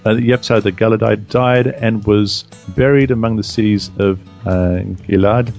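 A man's voice: lowish voice, steady tone, normal speed, a little mellow, soft background music. A man co-hosting a conversational Bible study, thinking aloud and raising questions about the text. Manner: reflective, asks probing questions.

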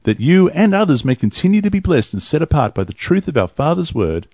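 An Australian man hosting a radio program, chatty and upbeat, with a husky voice. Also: a little high, very animated, a little fast, darkish tone, dry recording. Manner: upbeat, chatty, laughs easily. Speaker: radio show host. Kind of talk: casual radio talk.

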